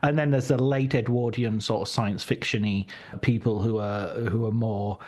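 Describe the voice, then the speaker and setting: A man from Cumbria hosting a podcast interview, chatty and quick to laugh, often restarting his sentences. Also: on the low side, steady tone, darkish tone. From Cumbria, England. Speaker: podcast host.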